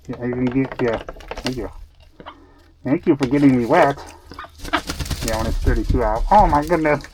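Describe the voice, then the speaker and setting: A man's voice: medium pitch, normal speed, long pauses, a little mellow, a little hiss or hum. A man on a snowy farm talking playfully to his animals, teasing and scolding them like pets, on a small clip-on mic. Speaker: farm vlogger. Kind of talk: casual talk to farm animals. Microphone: small wireless clip-on mic.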